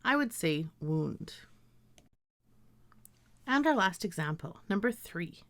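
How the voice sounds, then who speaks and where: A woman teacher giving a recorded grammar lesson, reading example sentences slowly and carefully. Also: mid-range voice, very animated, fairly bright tone, no echo.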